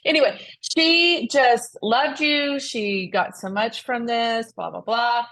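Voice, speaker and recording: A woman's voice: a little high, slow, fairly bright tone. Earnest woman telling a story. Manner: earnest storytelling with frequent restarts. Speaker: podcast co-host. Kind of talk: casual faith podcast chat.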